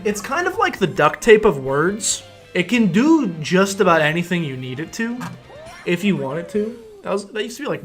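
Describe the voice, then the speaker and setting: A man's voice: high-pitched, a bit bright. A young man streaming a game, rambling jokily with mock-serious explanations, faint game music behind. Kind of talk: casual gameplay commentary.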